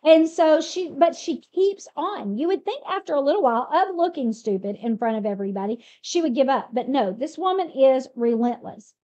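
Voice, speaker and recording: High-voiced woman retelling a Bible story. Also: moderate pace, hardly any pauses. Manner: chatty and animated, with rhetorical questions and laughs. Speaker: Bible teacher.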